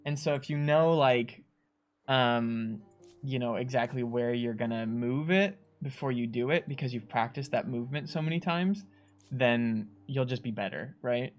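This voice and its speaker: A man's voice: medium pitch, moderate pace, faint music behind. Chatty man co-hosting a livestream. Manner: chatty, laughs often, animated when mimicking players. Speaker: streamer co-host reading chat. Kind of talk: casual livestream chat.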